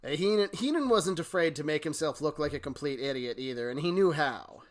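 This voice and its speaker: Co-host, man, slightly higher voice, analytical, acts out quoted promos. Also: animated, brisk. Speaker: podcast co-host. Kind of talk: casual chat with analysis.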